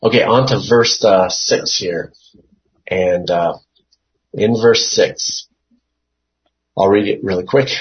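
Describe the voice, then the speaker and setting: A man leading an informal Bible study, reading verses and explaining them in an unhurried way, thinking aloud with many fillers and restarts. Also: low voice, fairly even intonation, muffled recording.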